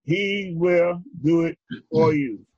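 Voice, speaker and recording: Male preacher, high-pitched voice, husky, rhythmic call-and-response sermon, dull lo-fi sound. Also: a little mellow, no room sound. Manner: rhythmic, drawn-out phrasing, leads the congregation in repeating lines. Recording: dull lo-fi recording. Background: congregation responding.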